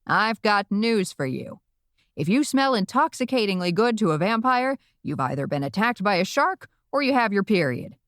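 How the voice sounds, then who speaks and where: A woman's voice: medium pitch, big pitch swings, moderate pace, fairly bright tone, no echo. A brash old witch grandmother working a stand-up crowd with bawdy, brassy timing, as a woman narrator puts her on. Her lines punch upward at the jokes. The reading is close and dry. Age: older. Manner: brassy, bawdy comic delivery.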